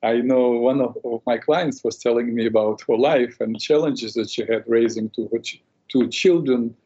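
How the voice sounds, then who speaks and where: A man's voice: mid-range voice, mellow, slightly rough. A man hosting an interview, responding reflectively and sharing an anecdote of his own. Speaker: interviewer host. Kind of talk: conversational interview. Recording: slightly dull lo-fi audio.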